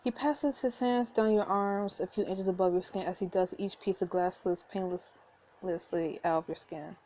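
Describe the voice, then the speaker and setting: A woman's voice: mid-range voice, fairly even intonation, normal speed, warm tone, slight background noise. A woman hosting a let's play, reading a story game aloud and reacting with giggly asides.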